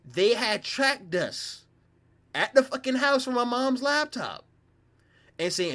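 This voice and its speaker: A young man with a Southern US accent, host of a podcast, telling a story in casual, animated, slang-heavy chat. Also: very high-pitched, slow, pauses often. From South Carolina, US.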